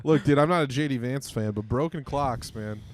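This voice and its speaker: A man co-hosting a comedy podcast, laid-back and joking with quick quips. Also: mid-range voice, slight background noise. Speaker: podcast co-host. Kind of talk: casual comedic banter.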